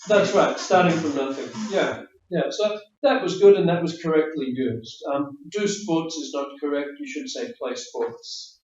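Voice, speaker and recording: English examiner in a roomy classroom. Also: male voice, on the high side, a little slow, hardly any pauses, darkish tone. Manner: friendly, chatty, explanatory, repeats words. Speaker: IELTS speaking examiner giving feedback. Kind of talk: spoken feedback after mock test. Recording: roomy, distant, dull classroom audio.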